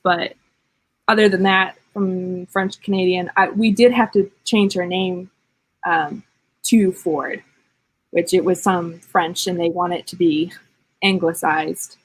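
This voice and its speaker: A woman's voice: on the low side, steady tone, slow, husky, poor audio. A woman from Michigan with a mixed Southern North Carolina and Midwestern accent, rambling in a self-deprecating, casual chat on a writing livestream. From Michigan, USA.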